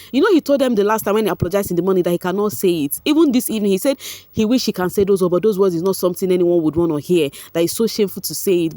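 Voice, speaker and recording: A woman's voice: fairly low pitch, dry recording. Chatty Nigerian woman recapping gossip. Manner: chatty, animated, laughs often, slips into Pidgin. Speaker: vlogger recapping a reality show. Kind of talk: casual commentary.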